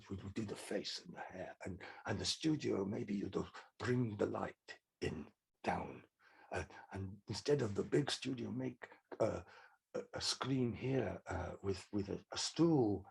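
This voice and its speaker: A man voicing a calm, reassuring Spanish man with a put-on Spanish accent and broken English. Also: on the low side, measured pace, gravelly, husky, heavily acted.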